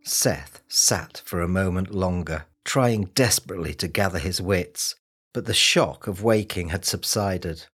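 Deep-voiced male audiobook narrator. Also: slightly rough. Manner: steady, measured storytelling. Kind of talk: scripted narration. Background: music.

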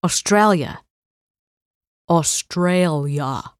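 A woman's voice: on the low side, unhurried, no echo, clean studio sound, natural voice. A woman reading an audiobook and voicing a brash, crude older man who talks bluntly, sounds cocky, and swears.

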